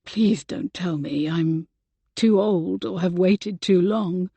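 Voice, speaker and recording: A woman reading the part of a tender, earnest gentleman suitor in a soft, hushed voice. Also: fairly low pitch, slow, creaky, husky, no room sound, exaggerated voice.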